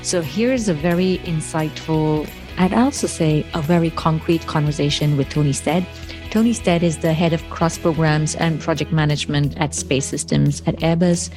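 A woman's voice: deep voice, a little mellow. A woman hosting a podcast interview, reflective and enthusiastic, with frequent casual fillers. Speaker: podcast host.

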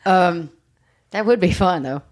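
A woman's voice: fairly low pitch, unhurried, a little mellow. A woman hosting a podcast, chatting casually, blunt and joking, swearing freely. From United States. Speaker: podcast host. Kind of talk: casual chat.

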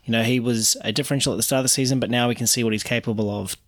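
A man's voice: mid-range voice, fairly even intonation, racing, no room sound. A man co-hosting a casual sports podcast, making cheeky jokes. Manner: cheeky, jokey. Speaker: podcast co-host.

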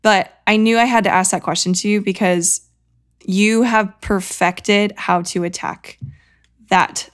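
A woman's voice: medium pitch, fairly even intonation, unhurried, clear, resonant tone. A woman hosting a podcast, speaking effusively and emotionally, heaping praise on her guest, her voice tearful at times. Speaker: podcast host. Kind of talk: podcast interview.

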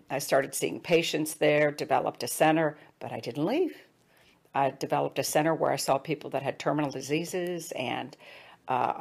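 Low raspy-ish woman, middle-aged, earnest personal story, goes quiet at the soft parts. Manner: earnest, drops to hushed tones for quoted advice. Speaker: speaker.

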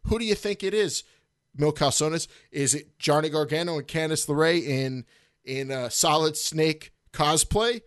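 An animated man hosting a casual wrestling podcast, cracking jokes and swearing freely. His voice sits a bit high for a man, and it leaps even higher when he gets worked up. The sound is close and dry, with no room around it. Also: unhurried, clear, resonant tone, no echo. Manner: animated, profane, jokey, jumps up in pitch when excited. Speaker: podcast host.

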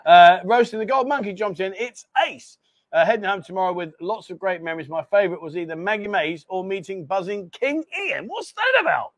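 A man's voice: high voice, expressive, fairly quick, fairly bright tone, no room sound. A man hosting a casual livestream from a bar, chatty and apologetic, bantering with his co-host.

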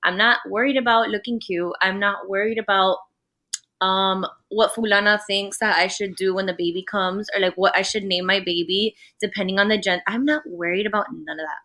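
A young woman, a podcast guest, telling a personal story in casual chat, blunt and animated, full of "like" and acted-out quotes. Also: medium pitch, brisk. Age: young adult. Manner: blunt, animated storytelling, fillers of 'like', acts out quoted voices.

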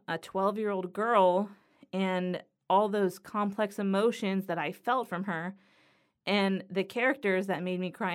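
A woman hosting a podcast, talking earnestly and reflectively in a solo monologue about writing from the heart. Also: mid-range voice. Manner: earnest, reflective, slow and thoughtful. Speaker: podcast host.

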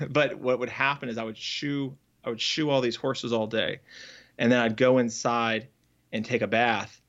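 A man, a former farrier, candidly telling his story as an interview guest, earnest and halting with frequent restarts. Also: medium pitch, fairly even intonation, a bit bright. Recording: slightly dull lo-fi audio.

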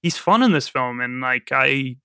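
A man's voice: medium pitch, expressive, normal speed, bright, forceful tone, clean tone, dry recording, clean studio sound. A man casually recapping a movie plot as a podcast co-host, swearing freely and laughing often. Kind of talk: casual film recap chat.

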